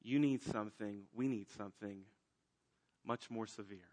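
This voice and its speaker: A man preaching a sermon, swinging between loud emphatic lines and hushed ones. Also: on the low side, steady tone, moderate pace. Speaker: pastor.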